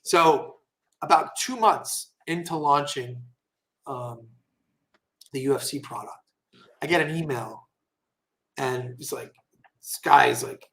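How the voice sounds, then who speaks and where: A man guesting on a podcast, telling casual stories with animated, profane asides and lots of fillers. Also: mid-range voice, takes it slowly, pauses often. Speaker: guest entrepreneur. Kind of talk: casual storytelling interview.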